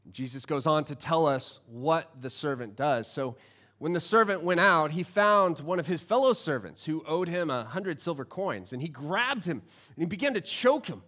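A man's voice: high voice, fairly bright tone. Earnest male preacher retelling a parable. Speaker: pastor. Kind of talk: sermon.

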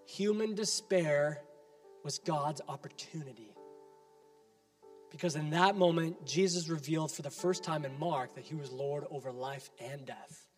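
A man's voice: a little high, a little slow, long reverb tail, soft background music. A man preaching a sermon as pastor, emphatic and building with repeated appeals.

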